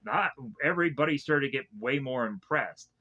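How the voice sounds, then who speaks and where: A man casually recapping anime episodes in a rambling way, with many restarts, who keeps breaking into animated impressions of the characters. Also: medium pitch, muffled recording. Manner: rambling, loosely retells scenes with many restarts; acts out characters' lines in a quick, animated way. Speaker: anime reviewer.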